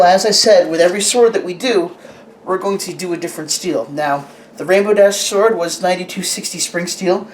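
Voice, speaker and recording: Slight background noise sits under this medium-pitched voice. The speaker is a host who reviews a sword on camera, rambling casually, halting, restarting sentences often, and putting questions to the camera operator.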